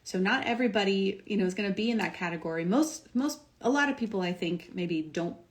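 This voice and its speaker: A woman's voice: mid-range voice, a little fast. A young adult woman, a doctor and wellness coach, talking casually on a livestream, upbeat and emphatic with lots of "like" and "um". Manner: upbeat and emphatic, filler-heavy with frequent "like" and "um". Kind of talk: casual motivational talk on a livestream.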